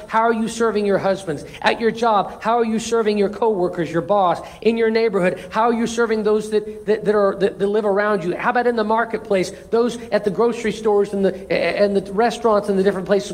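A man's voice: sits high, low-quality recording. A man pastor preaching a sermon in church, emphatic, repeating phrases and restarting words. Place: church sanctuary.

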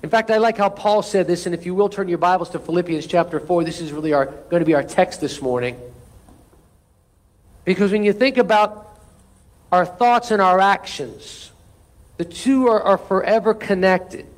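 A man's voice: sits high, normal speed. A man preaching a morning sermon as pastor, earnest and leading the congregation in call-and-response. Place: church sanctuary.

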